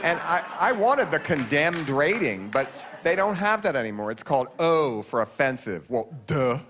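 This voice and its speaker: A man, telling wry deadpan stories in a stand-up monologue in front of a live audience. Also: moderate pace, noisy background. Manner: wry, deadpan storytelling with sudden high-pitched quoted voices. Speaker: comedian telling stories on stage. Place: live lecture hall with audience.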